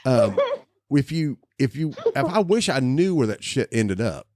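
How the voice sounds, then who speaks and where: A man co-hosting a podcast, telling stories in a casual, animated way, laughing and restarting his sentences. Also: mid-range voice, unhurried, no room sound, clean studio sound. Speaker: podcast co-host.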